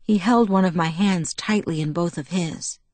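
Low-voiced woman narrating an audiobook. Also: normal speed, a little mellow, no room sound. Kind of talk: scripted first-person narration.

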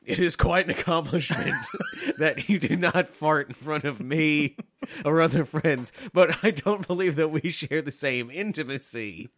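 A man's voice: a little high, a little slow, fairly bright tone, no echo. A young man co-hosting a podcast in casual chat, laughing often and trailing off mid-sentence. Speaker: podcast co-host.

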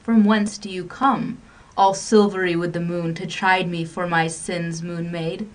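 A woman's voice: on the low side, fairly even intonation, a little slow, recorded from a distance, natural voice. A woman reading a stammering young romantic man. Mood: playful. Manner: stammering, theatrical romantic lines.

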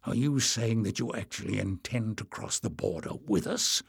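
A man reading aloud, voicing a stern grown warrior who scolds his young friend slowly and bluntly. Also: fairly low pitch, gravelly, breathy edge, no room sound, studio quality, heavily acted. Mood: angry.

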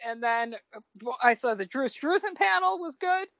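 A rambling talker in a relaxed group chat, full of ums and restarts. The sound is close and dry, with no room echo. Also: high-pitched, moderate pace, creaky. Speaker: panel guest. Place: Los Angeles.

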